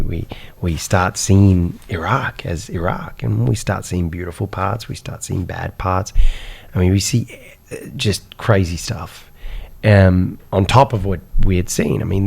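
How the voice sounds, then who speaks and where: Low gravelly guy telling his own story on a podcast, repeats himself, gets worked up. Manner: animated storyteller, repeats words, asks rhetorical questions. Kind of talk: personal storytelling in a podcast interview.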